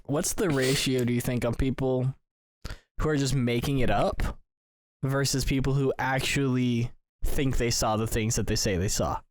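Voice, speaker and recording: A man with a mid-range voice chats casually on a podcast, tossing out quick jokes and questions. His voice sits dry and close to the mic. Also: medium pitch, fairly even intonation, no echo. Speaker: podcast co-host. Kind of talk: casual chat.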